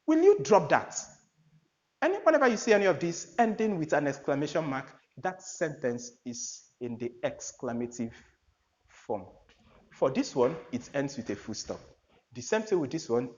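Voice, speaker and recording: A man's voice: mid-range voice, very animated, moderate pace, darkish tone. A man giving an English grammar lesson, explaining point by point and restating each idea several times. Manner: explains by repeating and rephrasing, reads out example sentences. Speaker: English teacher. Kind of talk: classroom lecture. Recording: dull lo-fi sound.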